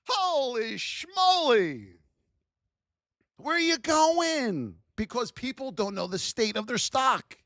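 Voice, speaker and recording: A woman teaching trading on a live stream, talking in an animated, scolding, exclamatory way. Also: fairly high pitch, takes it slowly, long pauses, no room sound, studio quality. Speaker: trading educator.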